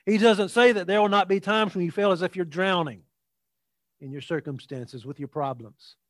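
A male preacher with a high voice, delivering an emphatic sermon. He draws out scripture verses slowly, repeats phrases, and calls on listeners to speak along. The sound is dry and close. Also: dry recording. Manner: leads the congregation in call-and-response.

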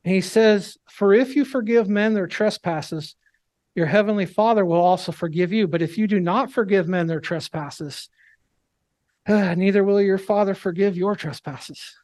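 Male preacher, high voice, earnest emphatic delivery, dry close sound. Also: darkish tone, no room sound. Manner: earnest, emphatic preaching with slow scripture reading. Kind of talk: sermon.

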